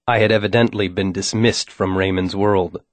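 Male narrator, low voice, wry deadpan first-person read, dry booth sound. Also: normal speed, no echo. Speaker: audiobook narrator.

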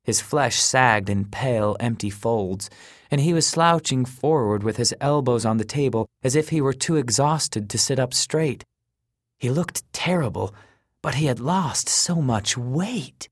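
A man narrating a story in a measured, dry storytelling manner. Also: medium pitch, lively intonation, dry recording.

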